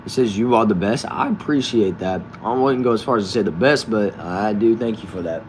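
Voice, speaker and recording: Low-voiced man chatting from a shed. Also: fairly quick, slight background noise. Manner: relaxed, reads comments aloud and answers. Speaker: livestream host reading chat. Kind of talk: casual live chat. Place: backyard shed.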